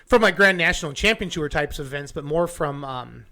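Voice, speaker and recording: A middle-aged man hosting a casual live stream, excitable and goofy, often restarting his sentences. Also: fairly high pitch, brisk. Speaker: show host.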